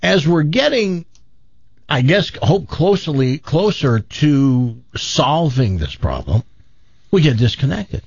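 Man, husky, exasperated caller with a lively voice, dull dry sound. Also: fairly high pitch, slow, no echo. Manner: exasperated, animated retelling with quoted voices. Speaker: caller telling a story. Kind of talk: casual storytelling on a talk show.

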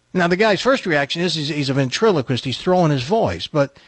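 A man's voice: on the high side, expressive, a little fast, no echo. Easygoing male radio host telling a joke. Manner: easygoing, teasing, tells jokes with restarts. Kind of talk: casual on-air storytelling.

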